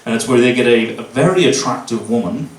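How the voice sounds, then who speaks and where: A man's voice: medium pitch, a little fast. A Northern Irish man in his thirties performing a stand-up comedy set, swearing and telling stories with energy. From Northern Ireland. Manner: swearing, animated storytelling. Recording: echoey room, mic at a distance.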